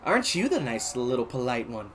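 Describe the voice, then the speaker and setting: Man voicing a sly, teasing young heroine with a put-on accent, high and lively. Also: fairly quick, slight background noise.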